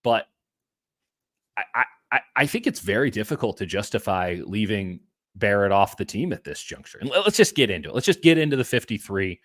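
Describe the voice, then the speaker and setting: A man hosting a casual sports podcast, talking with animated swings between loud and soft. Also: lowish voice, fairly quick, dry recording, clean studio sound. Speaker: podcast host.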